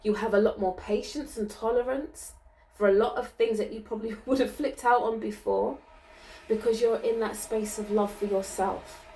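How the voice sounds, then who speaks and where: A woman giving a channeled card reading, gentle and reassuring, often ending her sentences with "okay?" and laughing lightly. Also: on the high side, fairly even intonation, normal speed, recorded from a distance, poor audio. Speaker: spiritual card reader.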